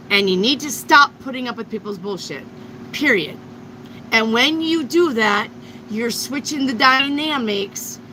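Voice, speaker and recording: A woman's voice: sits high, pushed and bright, slight background noise, poor audio. A woman giving a live tarot reading to viewers, blunt and emphatic, with frequent swearing. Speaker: tarot reader.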